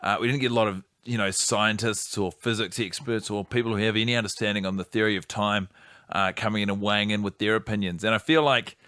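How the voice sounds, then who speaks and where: A man with a bright, forceful voice, riffing in a deadpan, self-serious manner. He delivers mock filmmaker commentary on a comedy podcast, sitting pitched a little low. The sound is close and dry. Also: fast, clean tone, dry recording. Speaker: podcast co-host.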